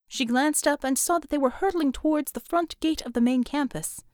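A woman narrating an action-filled audiobook with a fairly high voice. Her reading is brisk and engaged. The recording is close and dry. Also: a little mellow, no room sound. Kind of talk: scripted narration.

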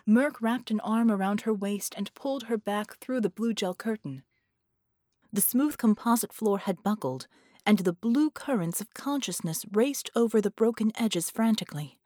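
Audiobook narrator, woman, mid pitch, dry close recording. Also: expressive, normal speed, mellow, dry recording. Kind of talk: scripted narration.

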